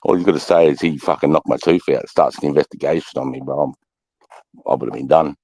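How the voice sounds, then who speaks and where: An Australian man in his thirties telling rough army stories in casual chat, swearing constantly and loudly mimicking people. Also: a bass voice, fairly even intonation, quick pace, no echo. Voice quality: coarse, swears constantly, loud impersonations. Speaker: podcast co-host, ex-army instructor.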